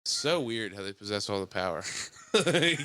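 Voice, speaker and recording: A man's voice: on the low side, animated, moderate pace, sharp tone, clear, resonant tone. A man co-hosting a podcast in a casual, rambling chat, laughing often and joking. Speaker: podcast co-host. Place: room with co-hosts.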